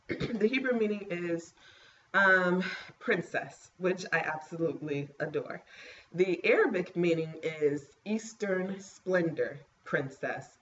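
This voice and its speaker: A woman vlogging casually to camera, rambling and clearing her scratchy throat. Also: fairly low pitch, a bit bright, muffled recording. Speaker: pregnancy vlogger.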